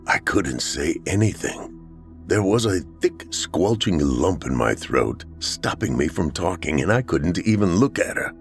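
This is scripted horror narration: a very deep-voiced male narrator tells a first-person scary tale slowly and gravely. His intonation rises and falls dramatically, and gentle background music is barely audible.

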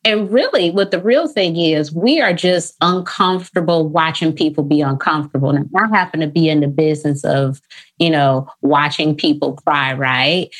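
A woman therapist talking in a podcast conversation, animated and acting out the voices she quotes, with laughs. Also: sits low, moderate pace.

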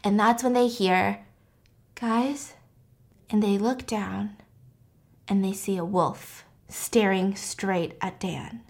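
A woman's voice: medium pitch, fairly even intonation, slow. A young woman hosting a podcast, retelling a movie in casual chat, full of fillers and laughing often. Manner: chatty storyteller, filler-heavy, laughs often. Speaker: podcast host.

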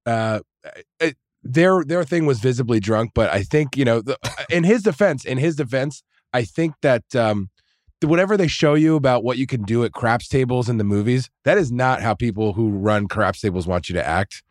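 Man, casual chat, rambling and profane, medium pitch, dry sound. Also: expressive, normal speed, no room sound. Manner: rambling, profane storytelling with many fillers.

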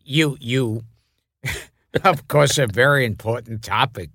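Host, man with an unhurried wry delivery, music under the break. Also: medium pitch. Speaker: podcast host. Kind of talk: casual chat, show host.

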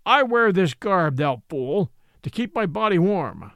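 A man voicing a fierce, menacing outlaw in an old tale, talking loud and harsh. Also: sits high, very animated, unhurried, dry recording, exaggerated voice. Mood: boastful. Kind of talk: audiobook character reading.

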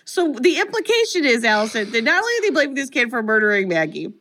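A woman with a slightly high voice recaps a movie for a comedy podcast. Her storytelling is animated and peppered with swearing and "like". It sounds like loose, casual chat between friends. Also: fast. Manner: animated, profane storytelling full of "like". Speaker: podcast co-host.

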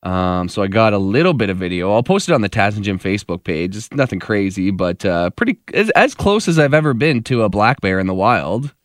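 A man's voice: on the low side, big pitch swings, fairly quick, hardly any pauses, no echo. Man, radio co-host, easygoing, jokey, dry studio mic. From Canada. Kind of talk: casual radio banter.

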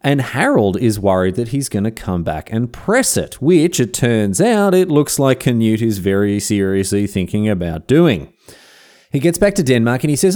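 An Australian man narrates history in a chatty, slangy style. His voice is mellow and warm, and his pitch swings widely as he tells the tale. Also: moderate pace. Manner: chatty, slangy, animated storytelling. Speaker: history podcast host.

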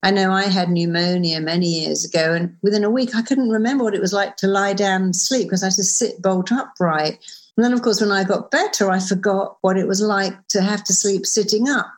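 A middle-aged woman who is a therapist and author, speaking as an interview guest in an animated, emphatic way with quick asides. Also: mid-range voice. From United Kingdom. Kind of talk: conversational interview.

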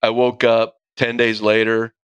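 A man's voice: mid-range voice, completely flat delivery, measured pace, clean tone, no room sound. A middle-aged man, a guest, candidly retelling a personal story in vivid, profane detail. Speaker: guest, police officer.

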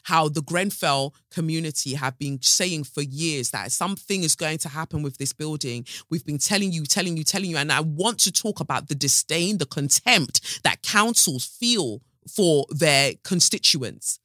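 A woman's voice: deep voice, expressive, normal speed, hardly any pauses, bright, forceful tone, no room sound, studio quality. A woman hosting a podcast, talking in an impassioned, angry monologue full of swearing and repetition, then turning reflective as she thinks aloud. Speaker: podcast host.

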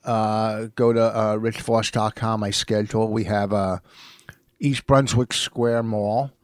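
A man's voice: on the low side, little pitch movement, slow, no room sound, studio quality. A middle-aged man, co-hosting a casual podcast and teasing his wife with plenty of swearing. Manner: gruff teasing, swears a lot. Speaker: podcast co-host, comedian.

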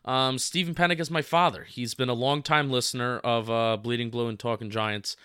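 Bright, jokey man co-hosting a podcast. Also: medium pitch, expressive, fairly quick, few pauses, clear, resonant tone, no echo, clean studio sound. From United States. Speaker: podcast co-host. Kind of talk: casual podcast chat and sponsor reads.

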